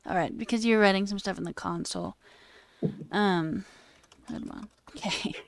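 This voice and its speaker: Woman, young adult, streamer, casual chat, thinking aloud, gravelly. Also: mid-range voice, moderate pace. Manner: chatty, thinking aloud while working.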